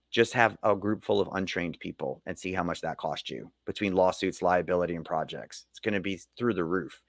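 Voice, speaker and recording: A middle-aged man talks like a leadership coach, earnest and motivational. His voice sits low. The recording is dry and close. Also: creaky, no room sound. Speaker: leadership coach and keynote speaker. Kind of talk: podcast interview.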